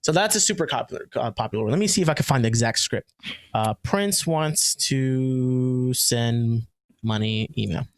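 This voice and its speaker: A man's voice: mid-range voice, normal speed, no room sound, studio quality. A man co-hosting a podcast in a casual, chatty way, joking around and using plenty of fillers and restarts. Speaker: podcast co-host. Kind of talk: casual chat.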